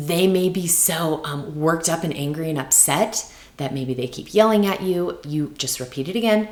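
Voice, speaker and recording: A woman with a notably low voice gives teaching advice straight to camera in a relaxed, conversational way. She keeps tossing in little tag questions to check in with viewers, and her voice rings off the walls of an echoey room. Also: normal speed. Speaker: teacher and channel host. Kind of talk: advice video talking to camera.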